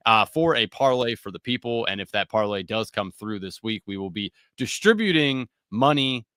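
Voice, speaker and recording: Betting show guy, lowish voice, kinda bright and punchy, jokey laid-back chat, dry mic. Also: animated, moderate pace, smooth, dry recording. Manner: laid-back, joking, laughs between picks. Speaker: co-host of a sports betting show. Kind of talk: casual sports betting chat.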